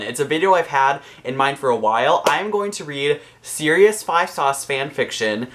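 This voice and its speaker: A man's voice: on the high side, expressive, moderate pace, hardly any pauses, fairly bright tone, slight background noise. A man with an American accent talking casually to camera, rambling and self-deprecating. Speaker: YouTuber.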